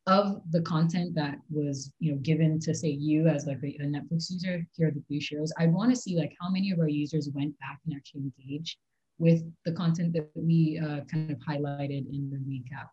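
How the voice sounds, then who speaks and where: A low-voiced woman answers mock job interview questions at a quick clip, sprinkling her sentences with "like" and "um." Her tone is soft and mellow. The recording sounds a little dull and lo-fi. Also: steady tone. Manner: fast-talking with frequent "like" and "um" fillers. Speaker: interview candidate.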